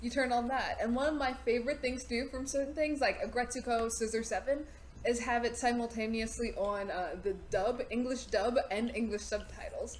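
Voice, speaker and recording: A woman co-hosting a podcast in casual chat, enthusiastic with quick asides. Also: fairly high pitch, fairly even intonation, slight background noise. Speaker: podcast co-host.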